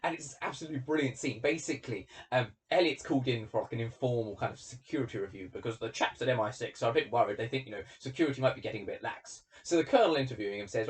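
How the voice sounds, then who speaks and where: A man hosting a casual commentary, chatty and animated with plenty of fillers and asides. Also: mid-range voice, racing, hardly any pauses, distant mic. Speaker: host.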